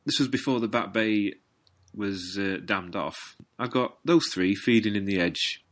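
A Northern English man with a voice on the low side chats casually about fishing at a measured pace. He tells his stories in a dry, understated way.

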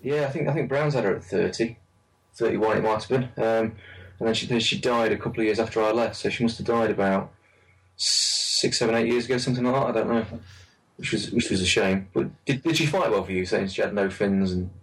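A man's voice: lowish voice, fairly quick, distant mic, low-quality recording. A man chatting casually about carp fishing, rambling and repeating words as he tells stories. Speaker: carp angler recalling a lake. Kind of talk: casual chat.

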